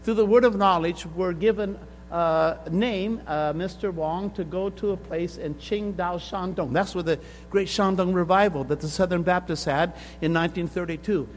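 High-voiced older man preaching in a hall. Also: normal speed. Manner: storytelling, rising to intense emphasis. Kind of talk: sermon. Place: conference hall. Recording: reverberant hall with faint hum.

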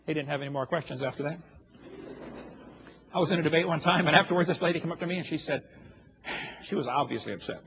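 Folksy, higher-voiced joking man. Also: quick pace, pauses often, fairly bright tone, husky, lo-fi sound. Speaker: creationist speaker. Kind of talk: humorous lecture to an audience.

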